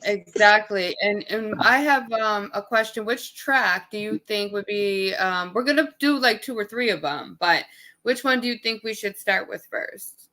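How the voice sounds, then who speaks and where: A woman's voice: medium pitch, measured pace, sharp tone. A woman hosting a podcast interview, encouraging her guest with frequent short affirmations. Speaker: podcast host.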